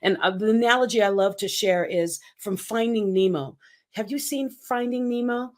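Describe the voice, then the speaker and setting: A woman in her fifties, a speaking coach giving an energetic, emphatic motivational interview and acting out quotes. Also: medium pitch, normal speed. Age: 50s.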